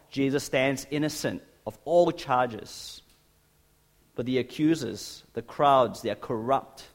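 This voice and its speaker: Animated male preacher. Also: on the high side. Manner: animated and emphatic, addressing listeners directly. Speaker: pastor. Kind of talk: sermon.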